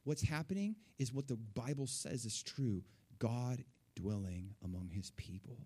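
Male storyteller, mid-range voice, casual testimony, swings from hushed to excited. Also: medium pitch, a little slow, husky. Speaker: speaker sharing a testimony.

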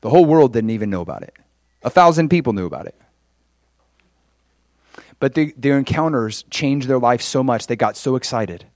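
A man preaching a sermon in a conversational, animated way, often acting out quoted conversations. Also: medium pitch, normal speed, long pauses, no room sound, studio quality. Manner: acts out quoted conversations in changed voices.

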